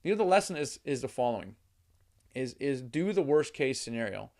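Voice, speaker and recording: A middle-aged man giving a motivational teaching talk on real estate investing, energetic, often repeating words and acting out worried inner voices. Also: mid-range voice, fairly quick.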